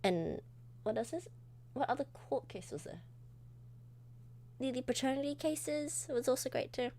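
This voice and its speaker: A woman's voice: sits high, animated, a little slow, mellow. A young woman streamer chatting while playing a game, giggly and self-deprecating, often tripping over words. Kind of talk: live game commentary.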